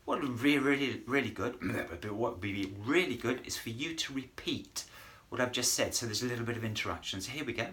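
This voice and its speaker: A man gives a Spanish lesson to camera, his voice crisp and bright. He talks in a chatty, encouraging way and mixes in dry jokes at his own expense. His pitch sits in the middle range for a man. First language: English. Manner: chatty, encouraging, self-deprecating humour. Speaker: Spanish teacher. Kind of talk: video language lesson. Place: in front of a whiteboard.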